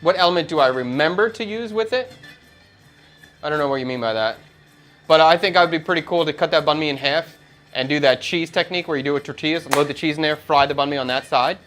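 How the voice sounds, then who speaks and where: A man's voice: on the high side, fast, fairly bright tone, soft background music. A middle-aged man, a chef hosting a casual cooking livestream, chatting loosely and thinking aloud while he cooks.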